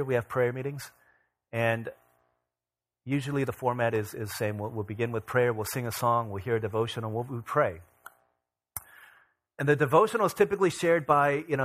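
A man in his thirties preaching a sermon as pastor, conversational and animated, with casual asides. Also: medium pitch, a little fast. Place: church.

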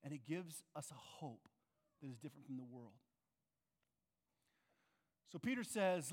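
A man's voice: fairly high pitch, lively intonation, a little slow, pauses often. A man preaching a sermon as pastor, earnest and conversational, often asking his listeners questions. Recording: long reverb of a large hall.

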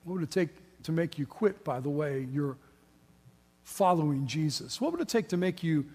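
A man's voice: a little high, lively intonation, normal speed, darkish tone. A middle-aged man preaching a sermon as a pastor, talking conversationally and asking the congregation rhetorical questions with casual asides. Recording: long reverb of a large hall.

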